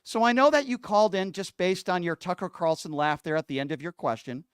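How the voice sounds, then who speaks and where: A man's voice: high-pitched, fairly quick, clean tone, no echo. A man hosts a call-in radio show from a studio. His voice is resonant and clean, recorded close and dry. He sounds combative and sarcastic when a caller tries to prank him.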